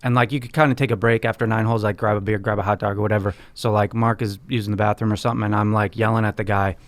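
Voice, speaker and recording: A man's voice: on the low side, rapid-fire, no room sound. Man telling a story in casual chat. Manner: animated storyteller, heavy use of "like". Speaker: podcast co-host.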